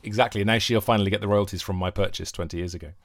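A man's voice: lowish voice, steady tone, racing, no room sound. A middle-aged man from South Wales with a posh, faintly Welsh border accent, chatting as an interview guest in a jokey, rambling, self-mocking way. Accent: posh English-leaning, faint Welsh border. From South Wales, near the English border. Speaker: actor and comedian guest. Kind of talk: casual interview chat.

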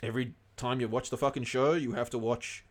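A man's voice: mid-range voice, steady tone, brisk. A young man co-hosting a casual podcast, rambling, swearing freely and losing track of names. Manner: rambling, swears a lot, loses his words. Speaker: podcast co-host.

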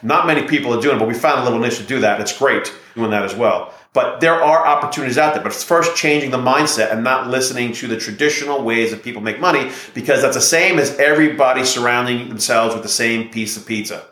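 A man's voice: medium pitch, fast, hardly any pauses, sharp tone. Confident man in an echoey room. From United States. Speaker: real estate investor guest. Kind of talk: podcast interview storytelling.

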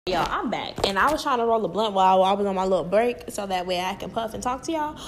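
A young woman ranting and gossiping to her viewers in a blunt, profane, animated way. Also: mid-range voice, quick pace, a little hiss or hum. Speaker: vlogger. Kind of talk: casual rant and gossip.

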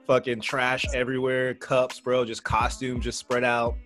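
A young man with a medium voice tells a rowdy party story on a casual podcast. He talks loosely, swears freely and laughs at his own mishaps. Soft music plays faintly in the background. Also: medium pitch, measured pace. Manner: animated, profane, laughing through a party story. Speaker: podcast co-host.

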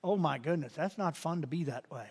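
A man preaching a sermon as pastor, building to loud emphatic peaks and dropping to quiet asides. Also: fairly high pitch, lively intonation, fairly quick, breathy edge. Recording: reverberant hall.

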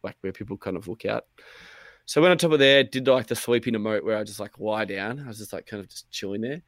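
A young man rambles through a story on a podcast mic, swearing freely and voicing his own thoughts aloud. His voice sits on the low side, and the sound is close and dry with no room echo. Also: fast, a bit bright. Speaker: podcast co-host. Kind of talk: casual chat.

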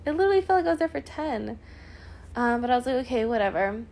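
High-voiced young woman telling a story. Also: lively intonation, fast talker, darkish tone. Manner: chatty, heavy use of "like" fillers; earnest and emotional. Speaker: podcast host. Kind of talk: personal storytelling podcast.

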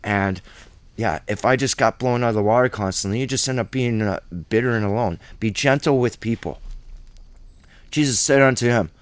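A man's voice: lowish voice, fairly quick, no room sound. A man teaching scripture in a conversational Bible study, reading verses aloud and explaining them plainly.

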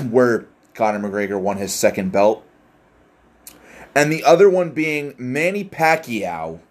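A young man hosting a casual solo podcast, rambling and self-deprecating, swearing often. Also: lowish voice. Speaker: podcast host.

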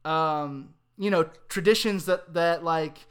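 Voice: mid-range voice, slow pace, a bit bright, clean tone. A person in casual conversation, reflective and self-doubting, laughing now and then while talking.

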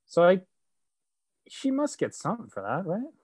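A man's voice: high voice, huge pitch swings, normal speed, darkish tone, breathy edge, dry recording. Joking man on a dry mic. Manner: joking, playful banter. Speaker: podcast co-host. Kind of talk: casual chat. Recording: dry close recording.

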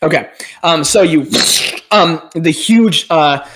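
A man narrating a tabletop game as game master, speaking haltingly with many ums and uhs. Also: a little high, a bit bright.

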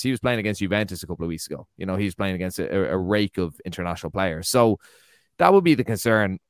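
A man's voice: sits low, no echo, studio quality. An Irish man co-hosting a football podcast, arguing his points with rhetorical questions. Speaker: podcast co-host. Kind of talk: casual football chat.

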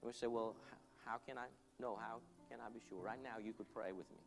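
A man's voice: on the low side, steady tone, brisk, gravelly. A man preaching an altar call, earnest and pleading, leading the congregation in prayer line by line. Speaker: pastor. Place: church hall. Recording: long hall reverb, soft music behind.

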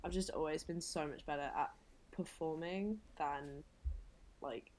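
A woman's voice: low-pitched, unhurried, a little mellow, a little hiss or hum. A young woman chatting casually as a podcast guest, self-deprecating and laughing often. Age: young adult.

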